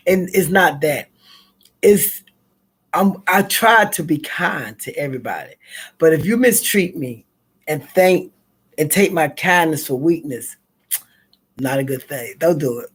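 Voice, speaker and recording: Woman, husky voice, chatty vlogger who prays and laughs easily. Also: sits low, normal speed. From North Carolina, USA. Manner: chatty and expressive, laughs often, repeats herself while finding words. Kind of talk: casual talk to camera, opening with a spoken prayer.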